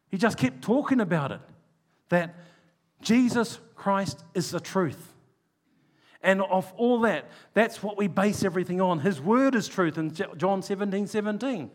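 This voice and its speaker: A man preaching a sermon, stressing key words by slowing down and dropping low and quiet for asides.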